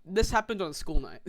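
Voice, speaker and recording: Young podcast co-host, loose and rambling storyteller, swears and laughs a lot, mid-pitched voice. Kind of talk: casual storytelling chat.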